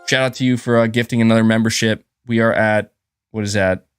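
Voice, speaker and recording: A man's voice: lowish voice, fairly even intonation, fairly quick, clean tone, no echo, soft background music. A man hosting a casual gaming livestream, rambling and thanking viewers, with a sore throat. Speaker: gaming channel host.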